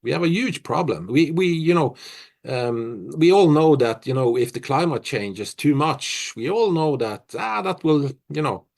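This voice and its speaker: Halting middle-aged man. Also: on the high side, expressive, vocal fry, darkish tone. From Norway. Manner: reflective, halting, many restarts and fillers. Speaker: musician being interviewed. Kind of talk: casual interview answers.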